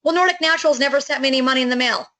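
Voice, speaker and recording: A middle-aged woman giving an enthusiastic, chatty sales pitch for a network marketing business, with many fillers and restarts. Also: very fast, bright, forceful tone, low-quality recording.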